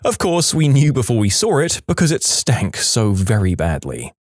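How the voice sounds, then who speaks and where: Lively male story narrator, dry close sound. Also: medium pitch, normal speed, dry recording. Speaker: narrator reading stories.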